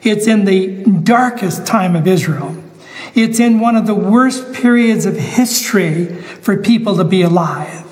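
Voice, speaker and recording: Emphatic high-voiced male preacher. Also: a little slow, darkish tone, big-room sound, poor audio. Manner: emphatic, repeats phrases, asks listeners questions. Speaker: pastor. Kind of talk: sermon.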